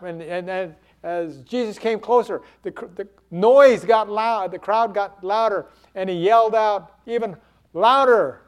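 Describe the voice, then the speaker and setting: Man preaching, high voice, slow deliberate delivery, dramatic sermon style. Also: clean tone. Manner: dramatic preaching, acts out quoted cries.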